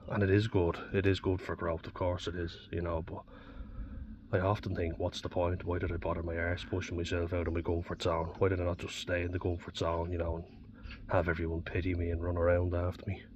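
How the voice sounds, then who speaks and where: A man's voice: low-pitched, completely flat delivery, brisk. A man with an Irish accent talking bluntly and candidly, swearing often, in a personal reflective monologue. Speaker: vlogger. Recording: dull distant mic with faint background noise.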